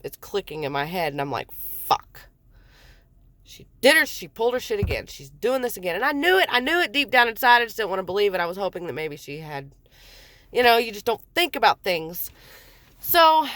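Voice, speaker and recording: A woman in her forties tells her own story with anger and bluntness, swearing often and acting out what others said. Her mid-range voice has a sharp tone, recorded with no echo.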